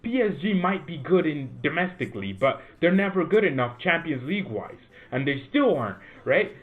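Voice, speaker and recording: Animated man, tinny phone-like sound. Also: fairly high pitch, normal speed. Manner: animated, rambling, keeps asking "right?". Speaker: football channel host. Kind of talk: casual fan commentary. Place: home room.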